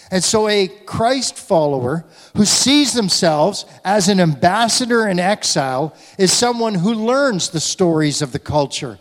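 A man's voice: high voice, long reverb tail. A man preaching a conversational sermon in a church, asking the congregation questions and taking their answers. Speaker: guest preacher. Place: church sanctuary.

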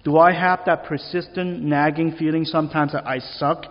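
A man's voice: a little high, steady tone, normal speed. A man preaching a sermon in an easy, conversational way, asking the listeners questions. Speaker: pastor. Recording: long reverb, dull lo-fi sound.

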